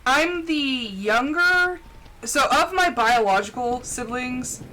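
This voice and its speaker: A young woman streaming a farming game, chatting fast and casually with a slight lisp and lots of "like". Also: high-pitched, expressive, bright, forceful tone. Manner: chatty, fast, says "like" a lot. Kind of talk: casual chat while gaming. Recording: faint music underneath.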